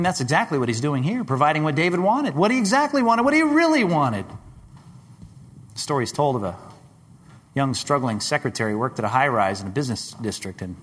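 A man preaching a sermon, dramatic, rising to loud high questions and dropping to hushed low tones. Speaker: pastor. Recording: long hall reverb.

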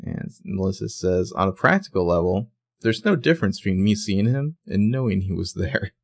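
Low-voiced, gravelly podcast co-host, relaxed and conversational, recorded dry. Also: male voice, moderate pace, dry recording. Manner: conversational, reads out quotes in a plain voice. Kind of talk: casual recap chat.

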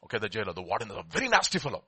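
A man preaching a sermon, swinging between quiet asides and loud emphatic lines, acting out the people in his stories. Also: lowish voice, racing, breathy edge, no echo. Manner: animated preaching, acts out quoted dialogue, swings from quiet to loud. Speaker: pastor.

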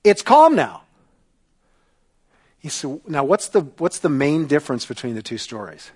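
Male pastor, sermon delivery, husky tone, dramatic storytelling with hushed emphasis. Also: on the high side, very animated, unhurried. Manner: dramatic retelling, dropping to a hush on key lines.

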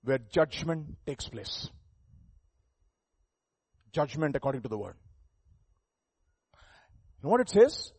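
A man preaching a sermon, emphatic, swinging between loud and soft, asking the listeners rhetorical questions. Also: on the high side, sing-song, normal speed, pauses often, husky, no room sound. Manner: emphatic, rising and falling volume, rhetorical questions.

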